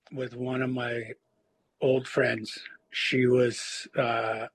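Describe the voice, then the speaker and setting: A man in recovery telling his personal story in a halting, reflective way, with many fillers and restarts. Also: mid-range voice, slightly rough, rough recording. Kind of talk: personal testimony.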